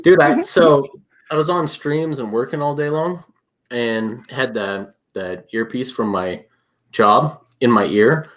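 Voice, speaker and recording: A man's voice: mid-range voice, unhurried, fairly bright tone. Gum-chewing man teasing his co-host. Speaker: podcast co-host. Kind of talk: casual chat.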